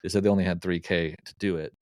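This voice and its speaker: Man, low voice, podcast guest, animated storytelling, dry close mic. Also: fast, no room sound. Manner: animated anecdote-telling with frequent restarts. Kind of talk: casual storytelling.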